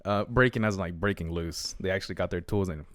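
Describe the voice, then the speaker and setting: A man's voice: low voice, quick pace, no room sound. A man from Texas co-hosting a podcast, telling stories in a laid-back, slangy casual chat. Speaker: podcast co-host.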